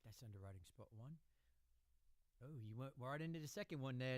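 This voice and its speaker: A man's voice: medium pitch, expressive, a little fast. A man hosting a radio music show, joking around in the studio before announcing the band on air. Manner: playful, joking between takes. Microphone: studio microphone.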